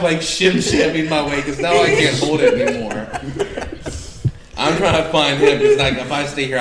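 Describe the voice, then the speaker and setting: A man telling a wild story on a podcast, laughing and swearing as he acts out the people in it. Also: on the high side. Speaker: podcast guest. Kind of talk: casual storytelling. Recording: echoey room with clear background noise.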